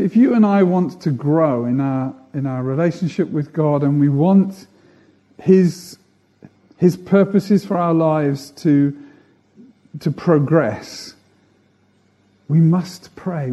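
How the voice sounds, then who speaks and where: A man's voice: fairly high pitch, dark tone, breathy edge. A man preaching a sermon, earnest, building emphasis through repeated phrases.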